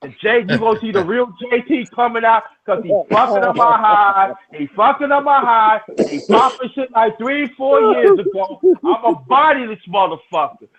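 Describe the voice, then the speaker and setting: A middle-aged man in a hangout tells a rowdy, profane story in casual chat, full of restarts. His voice is very high-pitched, expressive, and a bit bright, at normal speed with few pauses, captured in tinny, phone-like lo-fi sound.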